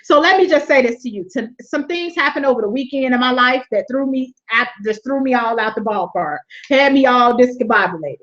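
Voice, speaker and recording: A woman hosting a webinar, giving a lively motivational faith talk, laughing often and repeating her points like a preacher. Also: a little high, fairly quick, hardly any pauses. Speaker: webinar host. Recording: dull lo-fi webinar audio.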